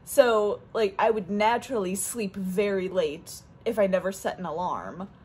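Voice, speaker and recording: A woman's voice: medium pitch, a little slow, darkish tone, slight background noise. Chatty young woman vlogging at home. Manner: chatty, rambling, many fillers. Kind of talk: casual vlog chat. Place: home, on the stairs.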